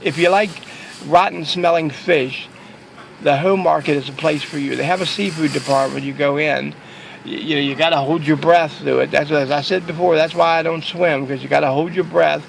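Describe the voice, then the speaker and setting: A man with a raised, gravelly voice rambles and jokes as he tells a story, chatting casually to his viewers. He records himself from a parking lot and then his parked car, with faint outdoor noise behind him. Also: a little high, fairly even intonation, normal speed, rough recording. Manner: rambling, jokey, digressive. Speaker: vlogger.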